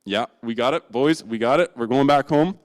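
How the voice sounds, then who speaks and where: A man's voice: low voice, level tone, very fast, mellow. A man voicing a broke, hungry young son who talks himself into going home, brash and upbeat. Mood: pumped up.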